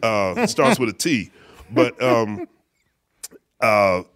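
A middle-aged man, a bass player, casually telling an anecdote in an interview, acting out quotes with many fillers. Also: big pitch swings, slow, fairly bright tone, dry recording. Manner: laid-back storyteller who acts out quotes, many fillers. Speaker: guest musician, bass player.

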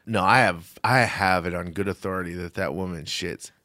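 A podcast co-host making sarcastic, crude, deadpan jokes in casual chat. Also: deep voice, normal speed.

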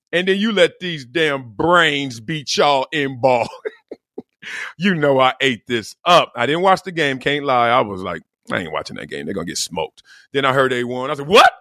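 A man's voice: a little high, bright, forceful tone, no echo, clean studio sound. A middle-aged man hosting a podcast, talking casually and joking, laughing often and acting out quotes in different voices. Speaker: podcast host. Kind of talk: casual comedic monologue.

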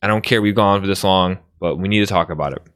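A young man co-hosting a casual podcast chat, animated and laughing often as he goes off on tangents. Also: low-pitched, quick pace, clean tone, no echo, studio quality. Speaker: podcast co-host.

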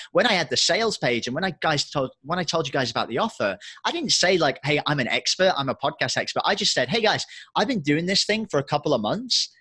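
A young man speaks earnestly and confessionally, piling on fillers as he tells his story. His voice is bright and somewhat husky, and it sounds dry and close. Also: mid-range voice, no echo. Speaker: podcast guest and entrepreneur. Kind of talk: emotional personal story in an interview.

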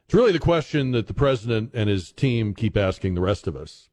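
A man's voice: fairly low pitch, very animated, a little fast, a little mellow. A man hosting a talk radio show, giving opinion commentary in a sarcastic, questioning way.

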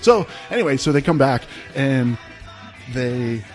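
A man's voice: mid-range voice, expressive, unhurried, faint music behind. A man telling a personal story in a casual, rambling way, full of "like" and "right?". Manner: rambling, laid-back, peppered with "like" and "right?".

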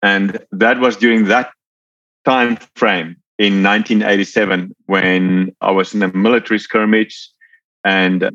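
A man from South Africa with a South African accent, telling his life story as a podcast guest in a relaxed, rambling way. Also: on the low side, unhurried, dry recording, highs cut off. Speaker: podcast guest, Paralympic athlete. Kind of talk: casual storytelling.

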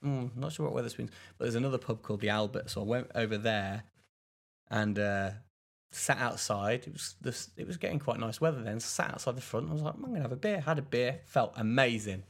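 A young man from England chats on a podcast, his voice carrying a gravelly, creaky edge. He tells a rambling anecdote and acts out the voices of the people in it. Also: mid-range voice, fairly quick. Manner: rambling storyteller, animated quoted voices. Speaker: podcast co-host. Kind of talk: casual chat.

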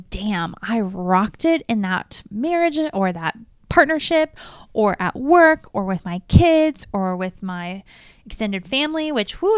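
A woman in her thirties, a life coach, talking casually and candidly, animated and swearing now and then. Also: mid-range voice, clean tone, no echo, clean studio sound. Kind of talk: casual podcast monologue.

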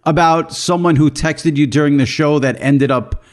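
A man's voice: a little high, steady tone, moderate pace. A man interviewing a guest in a casual way, often restarting his questions as he asks them. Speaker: podcast interviewer.

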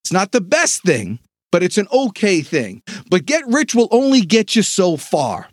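High-pitched, hyped-up sales motivator. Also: male voice, very animated, no room sound, studio quality. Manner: hyped, pep-talk delivery with dramatic pauses. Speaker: sales podcast host. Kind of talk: energetic motivational podcast monologue. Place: home studio.

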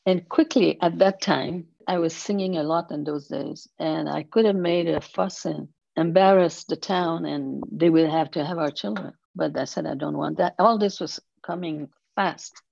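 A woman in her eighties, an interview guest telling stories slowly and thoughtfully, laughing softly now and then. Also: deep voice, creaky, no echo, highs cut off. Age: 80s. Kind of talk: storytelling in conversation.

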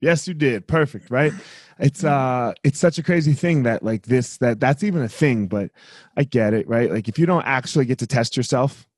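A man's voice: medium pitch, animated, moderate pace, darkish tone, no echo. A man hosting a podcast, laid-back and swearing freely, leaning on "right?" and "like". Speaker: podcast host. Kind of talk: casual chat.

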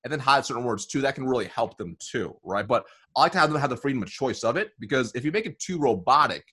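A man being interviewed as a sales coach, explaining in an energetic conversational way, often checking in with "right?" and "you know". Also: medium pitch, quick pace, breathy edge.

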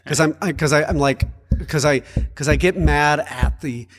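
Man, priest, chatty podcast talk, fairly high voice, long room reverb. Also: moderate pace. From United States. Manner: chatty, animated, prone to playful put-on voices and stammered restarts. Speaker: Catholic priest, podcast co-host. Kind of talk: casual podcast chat.

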